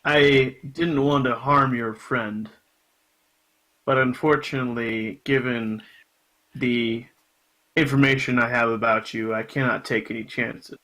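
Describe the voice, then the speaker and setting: A man voicing a cold professional male bounty hunter in a tabletop game, speaking slowly and formally. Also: medium pitch, steady tone, sharp tone, rough recording. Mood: coldly formal. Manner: slow, measured, formal.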